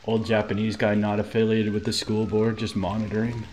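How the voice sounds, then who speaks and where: A young man streaming a game live, reacting excitably, swearing and laughing at what happens on screen. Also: lowish voice, a little fast, a little hiss or hum. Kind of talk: live gameplay commentary.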